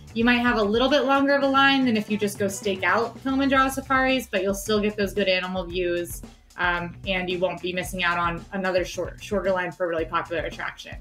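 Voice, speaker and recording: Woman, co-host, upbeat, clear tips, casual chat, faint music underneath. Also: mid-range voice, a bit bright. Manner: upbeat, explains plans clearly. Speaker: co-host giving park tips.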